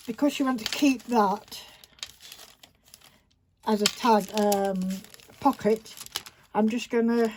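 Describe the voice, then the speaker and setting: A woman talks her way through a paper craft project, chatty and rambling, now and then talking to herself. Her voice sits a little high with a soft, mellow tone. It is recorded on a phone at a craft table, with faint background hiss and the crinkle of paper. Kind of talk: casual craft tutorial chat. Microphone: phone camera.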